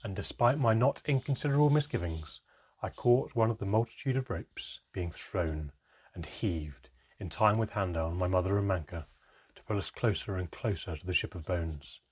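A man narrating a first-person adventure story in a measured, reflective manner. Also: sits low, breathy edge.

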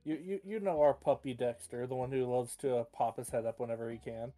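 Laid-back male, warm low-toned chat, playful anecdotes, faint music bed. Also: a little fast. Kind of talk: casual chat.

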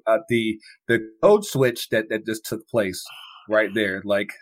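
A man's voice: on the low side, unhurried. A man hosting a casual sports podcast, riffing and laughing, with frequent stammered restarts. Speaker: podcast host.

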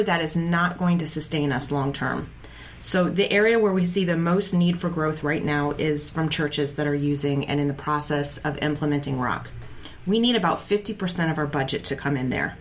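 A woman co-hosting a podcast, talking in a steady, conversational way with frequent fillers. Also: on the low side. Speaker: podcast co-host. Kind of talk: casual podcast chat.

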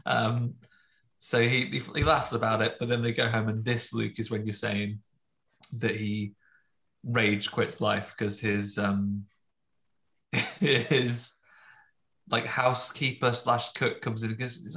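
A man casually recapping a film with friends, jokey, slipping into quick voices for the characters. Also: medium pitch, flat delivery, creaky, a bit bright. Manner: jokey, acts out lines in quick put-on voices. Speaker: podcast co-host recapping a film. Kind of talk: casual chat.

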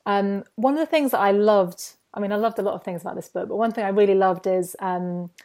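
Woman podcast host, warm mellow voice, chatty and thoughtful. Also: medium pitch, fairly even intonation, a little fast. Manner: reflective, friendly questioning. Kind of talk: casual interview.

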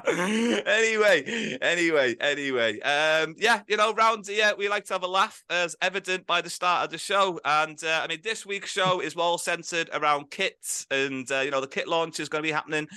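A man's voice: fairly high pitch, fairly quick, hardly any pauses, bright, forceful tone, clean tone, dry recording, studio quality. A man hosting a casual podcast, upbeat and rambling, often laughing. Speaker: podcast host.

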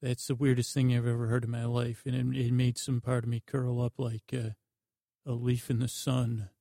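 A man's voice: mid-range voice, monotone, moderate pace, vocal fry, dark tone, no room sound, clean studio sound. A man playing a tabletop role-play game in character, flustered and stammering as he protests. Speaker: player.

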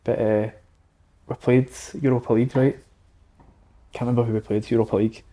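Relaxed man in casual chat. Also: mid-range voice, fairly quick. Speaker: guest telling a story. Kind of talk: casual anecdote.

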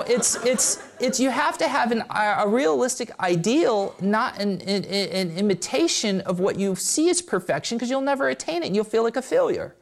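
Man, spiritual teacher, live group talk, very animated pitch, gravelly voice, blunt and joking, swears. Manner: animated, acting out voices in quotes.

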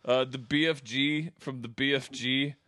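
Guy reading award picks w/ his buddies, bright voice, keeps laughing mid-line. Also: mid-range voice, steady tone, unhurried, no room sound, studio quality. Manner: joking, laughs mid-sentence. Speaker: host reading out award nominees. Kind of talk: casual podcast chat.

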